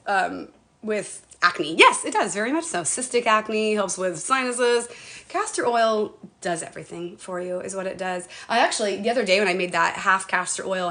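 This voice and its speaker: A woman's voice: medium pitch, pushed and bright. A middle-aged woman chatting casually on a home live stream, bubbly and talkative, greeting viewers by name.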